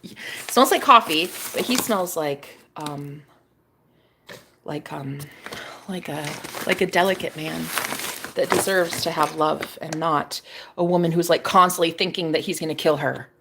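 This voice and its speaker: A young woman vlogging in a casual, rambling chat, cursing freely and breaking into high, exclaiming rants. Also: a little slow, noisy background.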